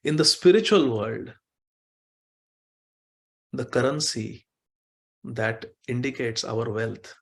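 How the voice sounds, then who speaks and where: A man giving a devotional sermon who acts out quoted dialogue with emotion, often pleading and slowing down on key words. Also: mid-range voice, breathy edge. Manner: emotive, pleading when voicing quoted lines, stretches words slowly. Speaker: speaker giving a devotional class. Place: temple hall.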